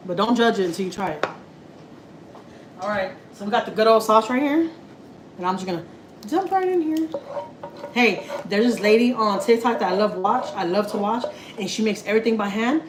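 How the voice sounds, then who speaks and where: Texan woman, live home-kitchen cooking chat, slangy, mid-pitched, recorded on a phone. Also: noisy background. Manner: chatty, slangy, laughing asides. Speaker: family vlogger.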